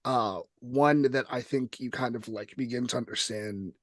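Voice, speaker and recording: A man narrating a tabletop role-playing game as game master, describing scenes with lively fillers. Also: mid-range voice, normal speed, no room sound, studio quality.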